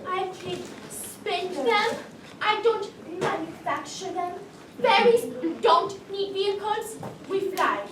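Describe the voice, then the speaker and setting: A woman's voice: extremely high pitch, slow. A woman performing a comic quest sketch with theatrical mock-archaic proclaiming. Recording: roomy, from a distance, loud crowd and noise behind.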